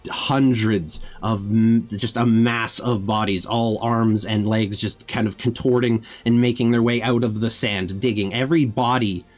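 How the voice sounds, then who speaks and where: A man's voice: lowish voice, fairly even intonation, unhurried, few pauses. A man narrating a tabletop game as game master, describing scenes with frequent fillers.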